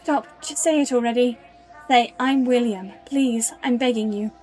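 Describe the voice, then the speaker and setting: A woman's voice: a little high, moderate pace, darkish tone, lightly acted. A woman voicing a distraught grieving mother who pleads and insists, over faint music in a game. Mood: insistent.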